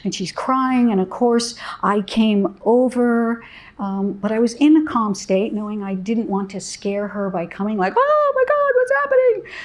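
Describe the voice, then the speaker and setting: Soothing woman speaker for a parent talk, calm and warm-paced storytelling. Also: medium pitch. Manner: gentle, soothing storyteller with soft pauses. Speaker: parent educator.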